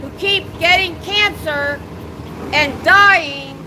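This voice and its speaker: Loud high woman protesting outdoors. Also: slow pace, a little hiss or hum. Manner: loud, projecting drill-sergeant delivery; indignant, challenging. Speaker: street protester livestreaming. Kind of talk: loud street protest speech. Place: outdoors near a building entrance by a street.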